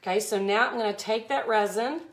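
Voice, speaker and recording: A woman's voice: on the high side, brisk. Effusive Southern woman from Mississippi, talking viewers through a live resin art demo. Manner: chatty, effusive, exclaims often.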